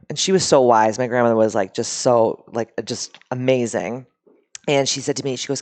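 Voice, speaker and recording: A woman in her thirties, a podcast guest in a studio, talking in a casual, animated way and telling stories with emphasis. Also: a bass voice, normal speed, no room sound. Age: 30s. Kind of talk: casual chat.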